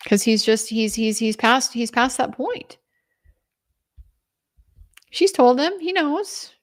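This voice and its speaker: A woman legal commentator recounting courtroom testimony in an animated retelling, quoting others in her own voice. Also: a little high, slow pace.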